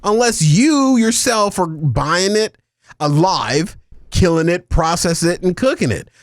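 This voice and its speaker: A man co-hosting a podcast in casual banter, animated and joking, speaking into a close mic. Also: high voice, a little slow, dry recording. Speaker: podcast co-host.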